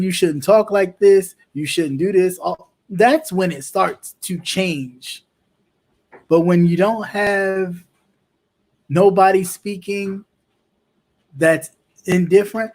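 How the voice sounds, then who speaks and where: Impassioned high-voiced man. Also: darkish tone. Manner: impassioned, emphatic repetition. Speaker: host. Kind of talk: political commentary talk.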